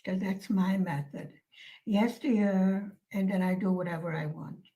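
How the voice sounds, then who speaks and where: A woman vlogger chatting casually to her viewers, soft-spoken and musing, pausing often with fillers. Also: on the low side, steady tone, low-quality recording. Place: lives in Hungary.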